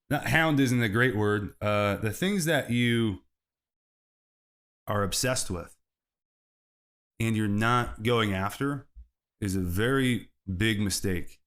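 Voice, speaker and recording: A man's voice: fairly low pitch, takes it slowly, pauses often, fairly bright tone. A man hosting a solo comedy podcast, rambling from bit to bit and laughing at his own jokes. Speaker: podcast host.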